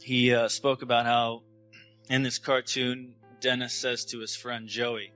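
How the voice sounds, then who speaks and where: A man in his thirties giving a spiritual talk in a gentle, halting way, often restarting his sentences. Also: mid-range voice, little pitch movement, clean tone, faint music behind, poor audio. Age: 30s. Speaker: spiritual speaker.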